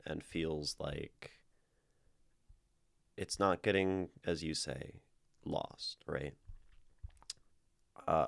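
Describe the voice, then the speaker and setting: A man's voice: very deep voice, gravelly, fairly bright tone. A man streaming a casual poetry critique, chatting in a rambling way with restarts and tag questions. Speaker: streamer reviewing community writing.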